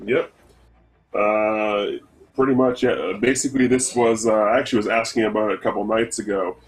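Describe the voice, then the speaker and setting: A man's voice: fairly low pitch, fairly even intonation, normal speed, poor audio. A man from the northeastern United States casually commentating a game race, rambling with lots of fillers and restarts.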